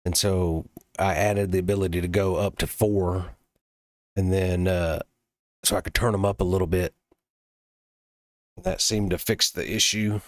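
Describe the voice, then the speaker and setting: A man demoing software he built, talking casually and loosely, with plenty of pauses and some cursing. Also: low voice, steady tone, no echo, studio quality. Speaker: developer demoing his own app. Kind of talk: casual late-night screen-recording talk.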